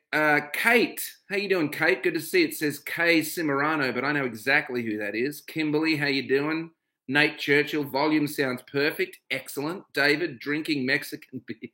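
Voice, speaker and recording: The voice here sits fairly high and sounds sharp. It belongs to a middle-aged Australian man hosting a chatty home livestream, who greets his viewers by name and shifts into a reflective, candid account of his own life.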